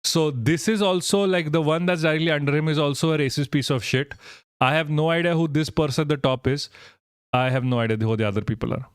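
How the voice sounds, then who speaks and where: A man's voice: fairly high pitch, fairly even intonation, quick pace, clear, resonant tone, no echo, studio quality. A young Indian man hosting a live stream, ranting bluntly and with lots of swearing as he answers viewer comments. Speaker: livestream host.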